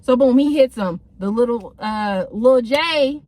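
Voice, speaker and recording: A young woman with a slightly high voice tells a story in a chatty, slangy way, packed with fillers. She talks casually to her viewers while sitting in her car. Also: lively intonation, measured pace, a little mellow. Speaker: vlogger.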